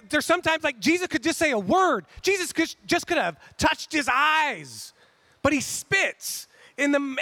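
A man preaching a sermon in a casual, conversational way, acting out quotes with animated asides. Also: very high-pitched, no echo. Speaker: pastor.

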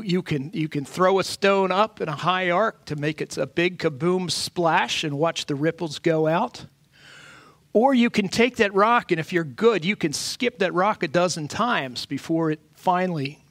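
A pastor's voice, a middle-aged man with a notably high pitch, preaching in an earnest, halting way that keeps circling back to restart his sentences. The sound is dry and close, with no room around it. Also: fairly bright tone, no echo. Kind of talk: sermon.

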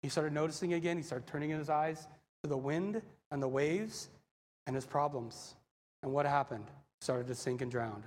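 A male pastor preaching a sermon, animated and acting out the voices in the story. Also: a little high, normal speed, slight background noise. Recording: long hall reverb.

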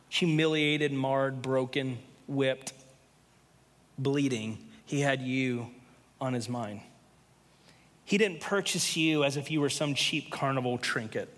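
A man's voice: mid-range voice, slow pace, a bit bright. A man preaching a sermon to a live congregation in an impassioned, emphatic way. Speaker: pastor. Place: church hall, live. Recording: long reverb of a church hall.

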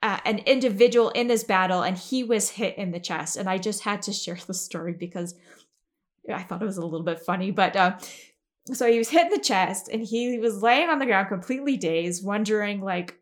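A podcast host with a medium-pitched voice gives a brisk, casual history recap. She chats along with fillers and giggles often.

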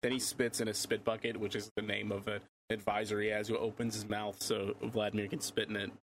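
A man's voice: fairly low pitch, level tone, a little fast, fairly bright tone, a little hiss or hum. Jokey man in casual podcast chat. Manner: jokey, absurd humor, swears. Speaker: podcast co-host.

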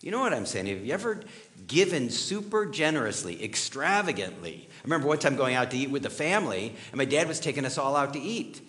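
Animated, conversational male pastor preaching. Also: mid-range voice, fairly quick. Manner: conversational, storytelling, asks the audience questions. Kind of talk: sermon.

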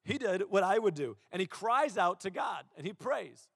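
A man's voice: high voice, expressive, moderate pace, creaky, a bit bright, breathy edge, studio quality. A male pastor preaching a sermon in a church auditorium. He talks in a conversational, self-deprecating way and often repeats words as he restarts. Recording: long hall reverb.

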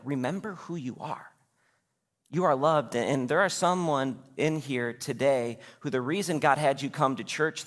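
Lively pastor in echoing church. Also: male voice, on the high side. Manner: conversational, lively preaching with casual asides. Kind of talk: sermon. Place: church sanctuary.

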